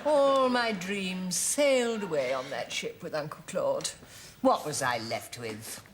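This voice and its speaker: A woman's voice: on the low side, expressive, a little slow, noisy background. Dotty genteel older woman. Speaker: elderly mother. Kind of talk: sitcom acting.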